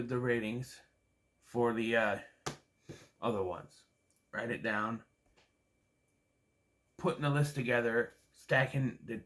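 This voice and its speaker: A man's voice: mid-range voice, a bit bright. Drowsy guy vlogging his movie rankings, rambly and loose, mid-range voice. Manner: rambling, yawning, lots of fillers. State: sleepy. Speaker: movie reviewer. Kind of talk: casual vlog movie ranking.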